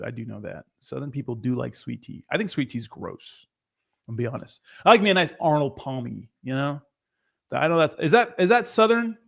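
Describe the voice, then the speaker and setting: A man's voice: medium pitch, creaky. A young man hosting a crypto livestream who reads out viewer comments in casual, rambling, profane chat.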